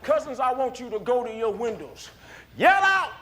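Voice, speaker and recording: A man voicing a bigoted male cartoon ranter who preaches a drawn-out, shouted tirade at his "cousins.". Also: very high-pitched, sing-song, a little hiss or hum, full character voice. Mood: ranting.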